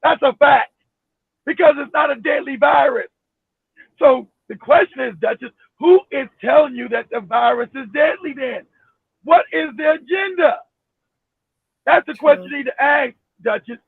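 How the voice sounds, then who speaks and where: Very high-voiced man ranting over a phone line. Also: moderate pace, creaky, no echo. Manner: emphatic, profane, bursts into shouting; repeats himself, many restarts. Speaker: live stream host. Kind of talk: heated live-stream rant. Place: home in Florida. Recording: phone-like, dry, narrow sound.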